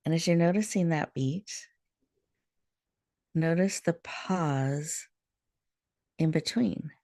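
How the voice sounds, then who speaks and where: A woman hosting a show, leading listeners through a guided breathing meditation in a soft, soothing way over a video call. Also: sits low, no echo, clean studio sound. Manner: soft, slow, soothing guidance. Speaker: host.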